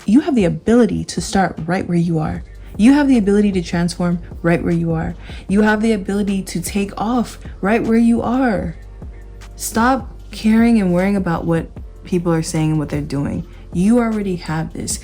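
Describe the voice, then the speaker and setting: A woman giving an excited, emphatic tarot reading to camera, talking casually and repeating herself. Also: fairly low pitch. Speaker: tarot reader.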